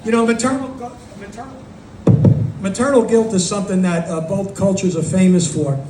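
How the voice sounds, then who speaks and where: A man's voice: sits high, normal speed, background noise. An older man with a New York Italian accent doing wisecracking open mic stand-up in a small bar. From Brooklyn, New York. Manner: wisecracking, self-deprecating. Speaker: stand-up comic. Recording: roomy, distant mic, faint ambience.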